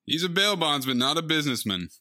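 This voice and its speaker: A podcast co-host in casual chat, tossing jokey asides about a movie. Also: male voice, a little high, sing-song, quick pace, sharp tone, dry recording, studio quality. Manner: jokey interjections.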